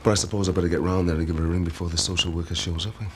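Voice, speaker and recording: A man's voice: sits low, fairly even intonation, racing, slight background noise, close to an everyday voice. An actor playing a worried single father who is talking his problems through. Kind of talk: TV soap acting.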